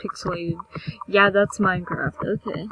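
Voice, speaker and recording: A woman's voice: on the low side, fairly even intonation, moderate pace, a bit bright, breathy edge, lo-fi sound. A young woman giving casual, chatty commentary over a game she is playing, mocking herself and now and then dropping into a whisper. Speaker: gameplay video maker.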